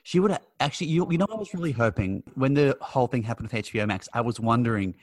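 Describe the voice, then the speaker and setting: A man's voice: medium pitch, expressive, no room sound. A man chatting enthusiastically about old films as a podcast co-host. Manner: chatty, enthusiastic, quick asides. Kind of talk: casual film chat.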